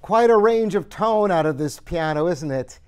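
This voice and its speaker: A man's voice: high voice, lively intonation, moderate pace, a little mellow, clean tone. A man hosting a piano store video, presenting and demonstrating an instrument with enthusiastic, admiring talk. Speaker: piano store host and pianist.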